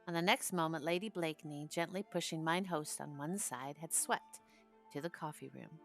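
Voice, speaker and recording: A woman narrating a classic novel as an audiobook in a measured storytelling manner. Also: lowish voice, fairly bright tone, no room sound.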